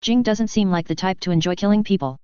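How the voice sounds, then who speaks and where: A level-headed young woman in a fantasy audiobook, quiet and measured, as a narrator reads her. The voice is very smooth. The recording is dry and slightly muffled. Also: mid-range voice, dry recording, lightly acted. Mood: calm.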